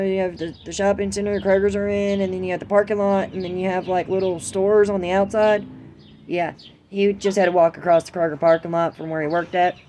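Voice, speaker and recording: A woman's voice: mid-range voice, a little mellow, a little hiss or hum. A woman vlogger venting in a heated, profane rant straight to camera. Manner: heated, ranting, heavy swearing.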